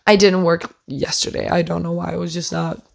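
A woman's voice: fairly low pitch, brisk, creaky. Young woman telling an indignant story. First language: not English. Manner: animated, indignant retelling with fillers. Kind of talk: casual storytime.

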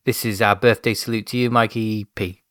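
A man in his thirties co-hosting a movie podcast, chatty and quick to laugh, often repeating himself. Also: on the low side, fairly even intonation, a bit bright, dry recording, clean studio sound. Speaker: podcast co-host. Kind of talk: casual chat.

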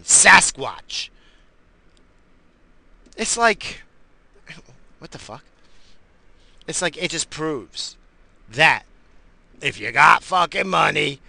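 Recorded dry, his voice sounds a little high, creaky, and sharp. The podcaster of Azorean family background rants loosely and profanely, cursing nonstop and stammering over his restarts.

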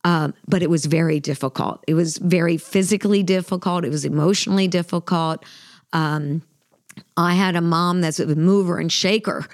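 A middle-aged co-host of a faith podcast shares a personal story in heartfelt, conversational fashion. She's earnest and emotional, with frequent fillers and restarts. Her voice is fairly low with fairly even intonation at a moderate pace, recorded clean in a studio with no echo.

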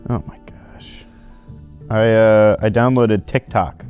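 A man's voice: lowish voice, fairly even intonation, slow, a little mellow, faint music behind. A young man co-hosting a podcast, teasing his partner in casual banter and laughing often. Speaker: podcast co-host.

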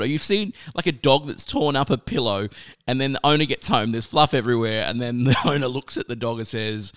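A young man telling a personal story with a lesson, chatty and animated, often laughing as he talks. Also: mid-range voice, brisk, clear, resonant tone. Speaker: speaker sharing a life lesson.

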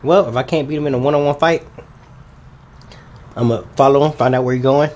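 A man's voice: mid-range voice, fairly even intonation, a little fast, darkish tone. Joking, profane man chatting casually. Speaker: podcast co-host. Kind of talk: casual chat.

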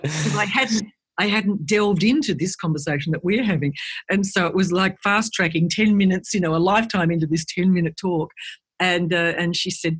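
A woman, a guest speaker chatting in an interview and telling lively stories, acting out the voices of people she quotes. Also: lowish voice, a little fast, husky. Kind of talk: conversational interview.

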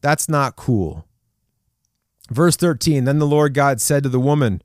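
Man, casual sermon, animated, expressive pitch, dry recording. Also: a little slow, no echo. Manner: animated, acts out scripture figures, chuckles. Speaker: preacher.

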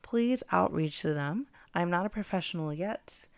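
A woman's voice: on the low side, expressive, normal speed, gravelly, dry recording. A young woman hosting a self-help podcast, talking in an earnest, encouraging, conversational way and often repeating her main points. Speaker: podcast host.

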